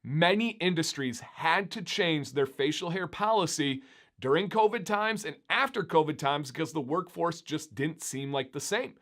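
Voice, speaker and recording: Upbeat chatty man, slightly high voice. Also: normal speed, a bit bright. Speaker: beard YouTuber. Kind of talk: casual vlog talk to camera.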